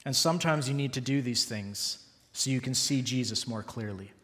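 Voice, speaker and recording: A man's voice: mid-range voice, moderate pace, a bit bright, long reverb tail. A man preaching a sermon, earnest and building to emphatic peaks. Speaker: pastor.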